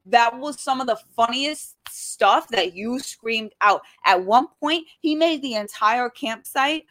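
Animated young woman telling a wild story. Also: fairly high pitch, slow pace. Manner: animated storytelling, swearing freely. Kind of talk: casual chat.

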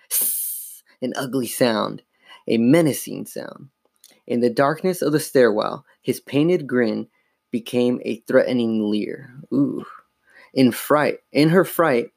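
A man's voice: medium pitch, creaky, darkish tone, no room sound. Man reading a spooky book aloud. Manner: casual, informal, with restarts and fillers. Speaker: podcast host.

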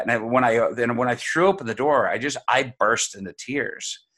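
A man's voice: medium pitch, fairly quick, fairly bright tone. A man telling a personal faith story in casual conversation, rambling with many fillers and restarts. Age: adult.

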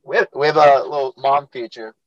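Young male co-host, lively anecdote teller, dry close sound. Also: mid-range voice, brisk, no room sound, dull audio. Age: young adult. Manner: animated storyteller, acts out quotes. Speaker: podcast co-host and youth lacrosse coach. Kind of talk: casual chat.

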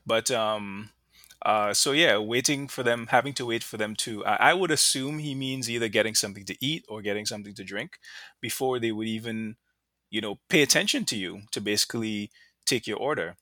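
A man with a lowish, bright, forward voice chatting casually and telling stories with animated energy. The sound is close and dry, with no room around it. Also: a little fast, no echo. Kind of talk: casual conversational storytelling.

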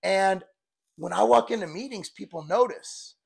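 Blunt gravelly man in his forties. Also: high voice, normal speed. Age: 40s. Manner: blunt, candid, rambling, swears casually. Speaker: fitness coach. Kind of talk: casual vlog talk.

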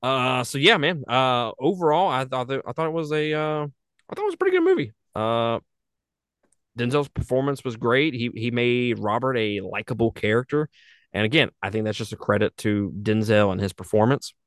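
A man's voice: mid-range voice, normal speed, smooth, no echo, studio quality. A man chatting casually about a movie, swearing and laughing often. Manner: laughing, profane, animated. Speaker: podcast co-host. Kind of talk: casual movie review chat.

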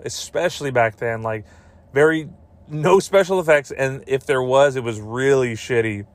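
A man's voice: medium pitch, moderate pace. A young adult man hosting a podcast alone, talking in a loose, profane, joking way and breaking into silly voices. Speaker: podcast host. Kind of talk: casual solo podcast rant.

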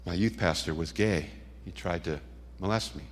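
A man's voice: low voice, moderate pace. A middle-aged man giving a dramatic testimony sermon, telling stories with punchy asides. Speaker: Christian speaker. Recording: long hall reverb.

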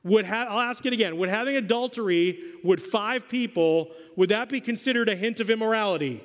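A man's voice: high-pitched, fairly quick. A man preaching a sermon as pastor, emphatic and quizzing his congregation in a church hall. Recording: long hall reverb.

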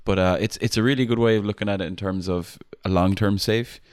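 A man's voice: fairly low pitch, fairly even intonation, fast talker, darkish tone, smooth, no room sound, studio quality. A man co-hosting a casual podcast chat, explaining things in an easygoing, hesitant way. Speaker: podcast co-host.

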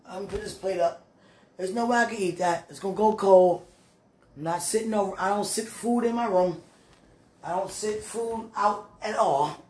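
A woman with a hoarse, husky voice, worn from preaching and crying, talking casually to God in a prayerful monologue and calling out to him between sentences. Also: mid-range voice, moderate pace, darkish tone. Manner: talks to God aloud, breaks into moans and exclamations. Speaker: street preacher.

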